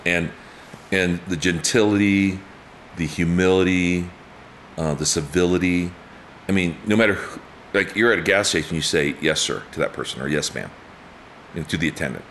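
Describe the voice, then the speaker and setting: In a relaxed chat, a male guest in his fifties shares animated stories at normal speed, voicing quotes with big pitch jumps and laughing a lot. The recording carries a little hiss or hum.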